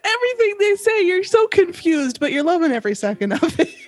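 A woman's voice: very high-pitched, very animated, moderate pace. A young woman chatting as a podcast guest, bubbly and giggly, with lots of fillers. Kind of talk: casual chat.

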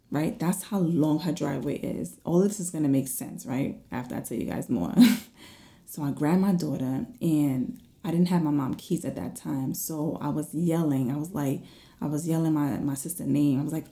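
A woman in her thirties casually telling viewers a story, animated, acting out the voices and dropping into whispers. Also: on the low side, vocal fry. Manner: animated, acts out her own and others' voices, drops to whispers.

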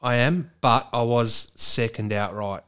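A man's voice: medium pitch, unhurried, clear, resonant tone. An Australian man, a racing driver, telling sweary stories in a casual chat. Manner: sweary, storytelling, animated.

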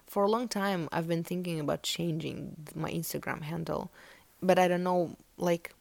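A woman's voice: lowish voice, steady tone, normal speed, no echo. A woman, not an English speaker, giving a casual spoken tarot reading, rambling with fillers and correcting herself, often near a whisper. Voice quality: gravelly, soft near-whispered stretches. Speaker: tarot reader podcast host.

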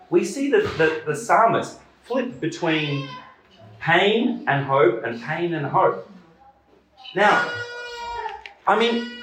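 Give me a church elder preaching in an echoey room. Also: male voice, fairly high pitch, a bit bright, a little hiss or hum. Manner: conversational, hesitant with many fillers. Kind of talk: sermon.

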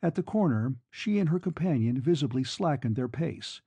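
A man reads a classic novel aloud at an unhurried pace, his voice mellow and dark in tone at a middle pitch. It is recorded dry and close, with no room sound around it. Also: animated, husky, no echo. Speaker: audiobook narrator. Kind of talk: scripted narration of a classic novel.

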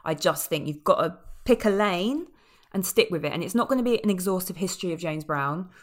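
On a podcast, a woman with a voice on the low side talks briskly in a casual, animated film review. Fillers come often, and so does the occasional swear word.

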